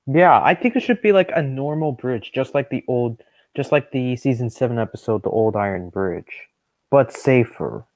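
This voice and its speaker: A young man appears as a stream guest in casual chat, talkative and opinionated and quick to agree. His medium-pitched voice is animated and a little mellow, with no room sound. The stream audio is dull, dry, and lo-fi.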